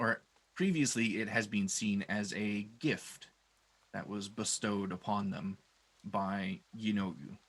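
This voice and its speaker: A man with a low, gravelly, slightly husky voice narrates as game master. He talks slowly and describes the scene in a measured way, pausing on "uh" between thoughts. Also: a bit bright, rough recording. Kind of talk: tabletop game narration and rulings.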